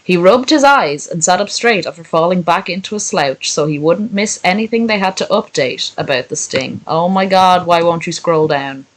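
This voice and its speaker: Young woman on a stream, lowish voice, snarky, cusses a lot between reading bits. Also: lively intonation, poor audio. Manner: sarcastic, swearing, quick asides. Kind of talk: live-stream reading and commentary.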